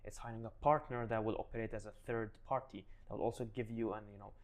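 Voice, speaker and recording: Low-voiced man answering interview questions. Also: fast. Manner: relaxed, many restarts and "you know". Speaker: guest, digital advisor.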